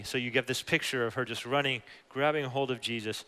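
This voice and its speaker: A man preaching a sermon with animated emphasis, often rising to exclamations. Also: medium pitch, moderate pace, clean tone. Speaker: pastor. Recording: long hall reverb.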